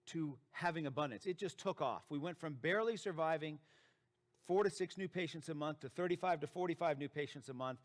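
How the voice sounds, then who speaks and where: Emphatic man giving a motivational talk. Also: on the high side. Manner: emphatic, repeats key phrases for effect. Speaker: dentist and practice founder giving a talk. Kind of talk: motivational presentation.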